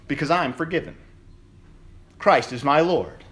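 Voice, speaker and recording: A male pastor preaching an Easter sermon in a church, swinging between shouted declarations and quieter, joking asides. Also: a little high, big pitch swings, a little slow, pauses often.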